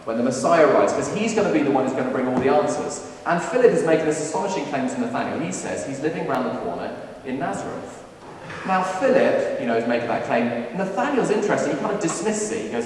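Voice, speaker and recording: A man giving a lively lunchtime talk to students, acting out quotes with playful humor. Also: a little high, fast talker, slight background noise. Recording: echoey hall, recorded from a distance.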